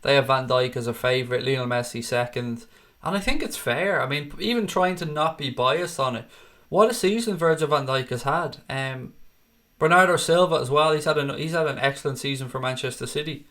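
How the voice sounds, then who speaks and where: A man's voice: medium pitch, brisk, a bit bright. A man hosting a casual fan channel livestream, answering viewer comments in a blunt, outspoken and often profane way. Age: adult with a wife and kids.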